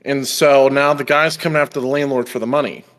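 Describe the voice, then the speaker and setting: A man's voice: mid-range voice, brisk. A young man and podcast host telling a story in a casual chat, acting out the people he quotes. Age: young adult. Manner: animated storyteller, acts out quoted voices.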